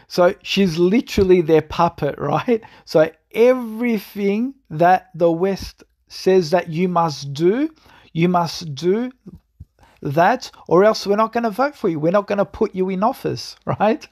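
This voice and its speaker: A man talks through video clips in a rambling commentary, full of fillers. He laughs at his own points and keeps checking in with his viewers. His voice is slightly high for a man, with a gravelly, creaky edge. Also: unhurried, darkish tone. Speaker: online commentator.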